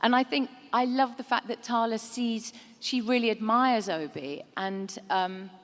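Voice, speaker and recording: A woman actor on a fan-convention panel, speaking earnestly with halting restarts and laughing as she tells stories. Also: a little high, a bit bright. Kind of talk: reflective panel talk. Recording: reverberant convention hall.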